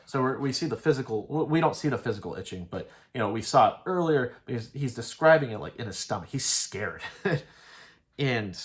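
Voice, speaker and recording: A man with an ordinary mid-pitched voice talks through an anime episode in a loose, conversational way. He rambles through the plot, restarts his sentences and keeps dropping "like" as he goes. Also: animated, normal speed. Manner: rambling, loose retelling peppered with "like". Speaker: anime reviewer. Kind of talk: casual episode analysis.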